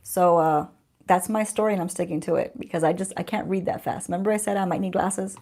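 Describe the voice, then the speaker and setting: This woman in her forties speaks fast in a fairly low, steady, slightly mellow voice with a drawl, hosting a casual home livestream for her beauty channel. Her chat is relaxed and sarcastic, full of easy laughter, like she's with friends.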